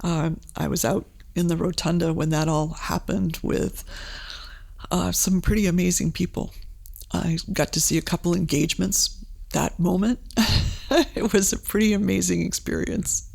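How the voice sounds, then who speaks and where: A middle-aged woman from Maine, a guest in an interview, telling personal stories in a casual, animated way with many fillers and restarts. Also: lowish voice, moderate pace, gravelly. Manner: animated, frequent fillers and restarts, acts out quoted voices. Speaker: guest, advertising agency CEO and former state representative.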